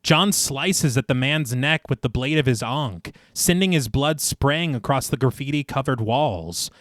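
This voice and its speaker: Lively man narrating a film recap. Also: medium pitch, no echo, clean studio sound. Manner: narrates plot at length, laughing between passages. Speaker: podcast co-host. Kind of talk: reading a detailed film recap on a podcast.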